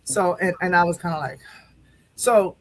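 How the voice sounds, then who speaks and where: A woman's voice: on the low side, normal speed, slight background noise, low-quality recording. A woman hosting a live talk show, speaking candidly and emotionally about grief, rambling with many restarts. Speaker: show host.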